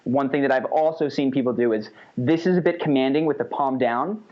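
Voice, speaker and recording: A man teaching an online course in a casual, energetic way, sometimes demonstrating how his voice changes. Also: mid-range voice, a little fast. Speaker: course instructor. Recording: slightly dull lo-fi audio.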